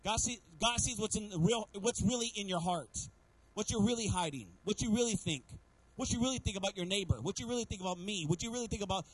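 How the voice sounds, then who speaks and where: A middle-aged man delivers a sermon in a notably high-pitched voice. He preaches in an animated way, mixes humor into his stories, and keeps calling out to his congregation. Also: fast, slightly rough, no echo, low-quality recording. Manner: storytelling with humor. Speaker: pastor.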